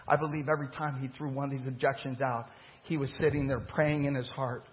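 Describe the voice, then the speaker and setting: A man's voice: mid-range voice, fairly even intonation, a little fast, slight background noise. A man preaching a sermon as the pastor, rising in emphasis and acting out quoted voices. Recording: muffled lo-fi church recording.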